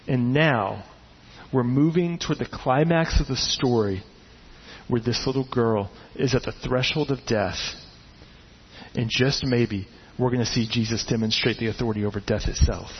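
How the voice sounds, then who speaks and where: A man's voice: medium pitch, breathy edge. Preaching man in a reverberant hall. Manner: animated storytelling, acting out voices. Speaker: pastor. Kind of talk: sermon. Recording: dull, echoey hall recording.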